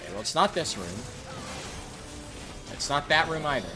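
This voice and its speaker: Laid-back animated male streamer. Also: on the high side, normal speed, music in the background. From New Jersey, USA. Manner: laid-back, chatty, reacting to chat. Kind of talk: casual chat while gaming.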